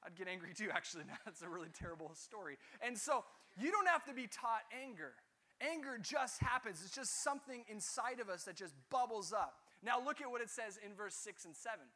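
A man's voice: high voice, a little fast. A man teaching a Bible class, asking his students questions and joking with them. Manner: lively, asks the class questions, jokes.

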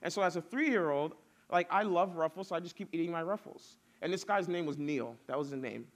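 A man's voice: fairly high pitch, a little fast. A man preaching casually to young people, telling stories with lots of fillers. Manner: chatty storytelling with many fillers. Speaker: youth pastor.

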